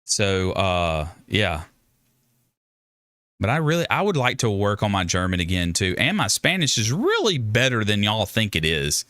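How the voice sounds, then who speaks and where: Male livestream host, lowish voice with a bright edge, rambling and jokey, dry close mic. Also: very animated, measured pace, dry recording. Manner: rambling, joking, self-interrupting. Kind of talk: casual livestream chat with viewers.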